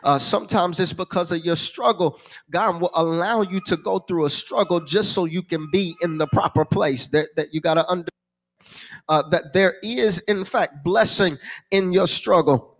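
A male pastor delivers a sermon in a fairly high voice. He builds his points with repeated phrases and restarts in a rolling preaching cadence. He often stops to answer questions he imagines from the pews. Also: normal speed. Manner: repetitive preaching cadence with call-and-response asides.

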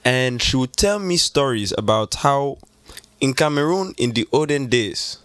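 A man's voice: medium pitch, animated, unhurried, a bit bright, no echo. Guy doing nigerian uncle voice, chatty, keeps going "eh?", dry mic. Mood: hearty. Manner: chatty, teasing, tags "eh?". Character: jovial middle-aged Nigerian uncle. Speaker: podcast host. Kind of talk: casual podcast chat.

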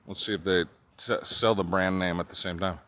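A man's voice: low-pitched, fairly even intonation, fairly quick, a bit bright. A man vlogging on a walk outdoors, rambling and then ranting angrily with a lot of swearing. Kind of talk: rambling walking vlog monologue. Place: outdoors on city streets. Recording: faint street noise behind.

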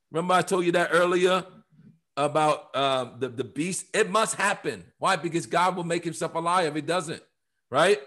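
Emphatic high-voiced man teaching scripture. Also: animated, moderate pace. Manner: emphatic preaching, quoting scripture, rising to shouts. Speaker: Bible teacher. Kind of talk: podcast Bible study.

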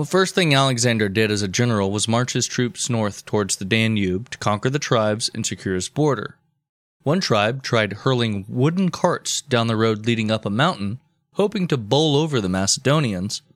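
A man co-hosting a podcast, narrating history with deadpan delivery and crude asides. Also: medium pitch, dry recording, clean studio sound. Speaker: podcast co-host.

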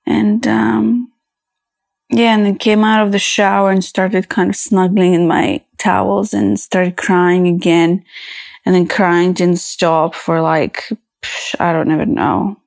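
Slow, fry-edged woman musing aloud. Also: mid-range voice, flat delivery, darkish tone, no echo. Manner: halting and reflective, many fillers and restarts. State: emotional, close to tears. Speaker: podcast host. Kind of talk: personal podcast monologue.

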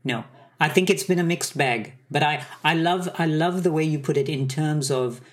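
A man's voice: on the high side, moderate pace. A man interviewing a guest, reflective and searching for words as he speaks. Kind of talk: casual interview questions.

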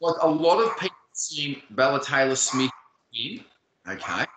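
A man's voice: medium pitch, lively intonation, normal speed, echoey room, noisy background. A man hosting an interview, rambling and stacking several questions at once. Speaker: interviewer host.

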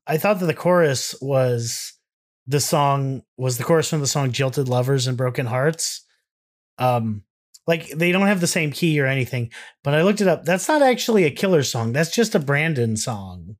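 Young guy rambling on a podcast, mid-pitched voice, casual, swears a bit, jokes about himself. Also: animated, normal speed. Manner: rambling, self-deprecating, profane. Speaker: podcast co-host. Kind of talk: casual chat.

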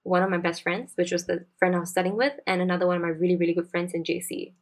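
A woman's voice: on the low side, little pitch movement, quick pace. A young woman in her twenties with a Singaporean English accent, telling a personal story as a podcast host in a chatty, confiding way.

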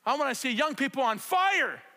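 High-voiced animated man preaching. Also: moderate pace. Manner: animated, repetitive, talks straight to the congregation. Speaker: pastor. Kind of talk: conversational sermon with spoken prayer. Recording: long hall reverb.

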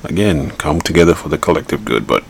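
Male podcast host, very deep voice with a gravelly fry, blunt and rambling. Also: animated, quick pace. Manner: blunt, rambling, repeats himself. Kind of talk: casual political commentary.

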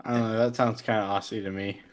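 A man's voice: on the low side, little pitch movement, quick pace. A man co-hosting a podcast in casual chat, dropping wry teasing quips. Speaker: podcast co-host.

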